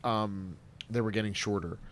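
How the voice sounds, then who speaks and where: A man's voice: lowish voice, fairly even intonation, moderate pace. A man casually recapping a sitcom episode, rambling and swearing as he jumps between story and jokes.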